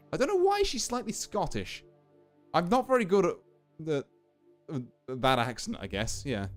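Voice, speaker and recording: A man's voice: on the high side, big pitch swings, moderate pace. A man streaming a game, chatting casually to viewers in a rambling, self-interrupting way over faint music. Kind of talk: casual live commentary.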